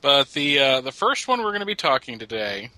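Bright-voiced man joking through comics talk. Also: mid-range voice, very animated, fairly quick, no room sound, poor audio. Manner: joking, laughs at his own lines. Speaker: podcast co-host. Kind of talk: casual comics chat.

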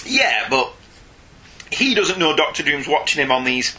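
A man co-hosting a casual comics podcast, animated and often laughing, with quick asides. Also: on the high side, background noise. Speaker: podcast co-host. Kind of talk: casual chat about comics.

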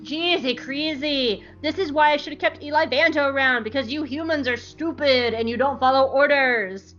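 A woman's voice: sits high, normal speed, fairly bright tone, highs cut off, pitched above the performer's own voice. A woman voicing a smug, scheming male alien grand admiral who sneers at humans. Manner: contemptuous, gloating.

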